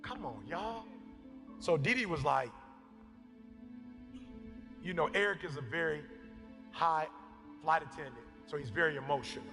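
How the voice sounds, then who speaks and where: Fiery high-voiced preacher man, shouting. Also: lively intonation, a little slow, vocal fry, pauses often. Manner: fiery, shouting, repeating phrases and calling on the crowd. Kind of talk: impassioned motivational sermon. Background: background music.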